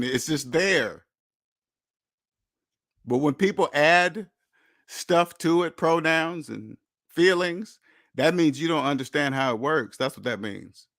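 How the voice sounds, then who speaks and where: A man's voice: fairly high pitch, lively intonation, slow pace, long pauses, a bit bright, no room sound, studio quality. A man hosting a channel in a blunt, lecturing monologue, repeating points for emphasis. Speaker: host. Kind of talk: casual monologue.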